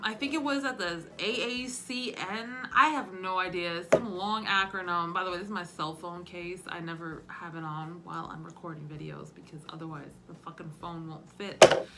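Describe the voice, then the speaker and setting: A woman's voice: medium pitch, vocal fry, background noise. A woman doing a casual, rambling comedy monologue between her impressions. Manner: chatty, rambling, laughs at herself.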